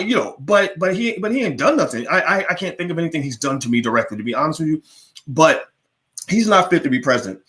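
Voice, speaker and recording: A man's voice: on the high side, a bit bright. Emphatic man preaching his political views. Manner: emphatic, preachy, repeats words, addresses listeners directly. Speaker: political commentator. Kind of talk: opinionated monologue.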